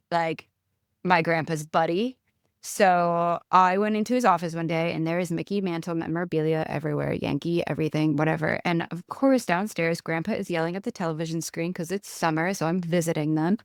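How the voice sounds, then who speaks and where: A young woman with a New York accent, telling stories in a casual interview, animated and ranting, swearing freely. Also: fairly low pitch, normal speed, clean tone, no room sound, clean studio sound. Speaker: guest.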